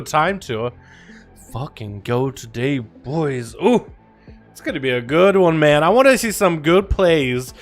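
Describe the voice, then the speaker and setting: A man's voice: on the high side, expressive, a little slow, soft background music. A young man hosting a casual gaming livestream, rowdy and profane as he greets his chat. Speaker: livestream host.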